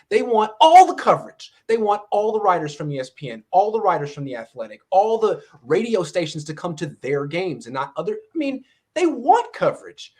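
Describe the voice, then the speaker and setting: A man hosting a casual sports talk show, speaking animatedly and acting out other people's voices when he quotes them. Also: high-pitched. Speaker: podcast host.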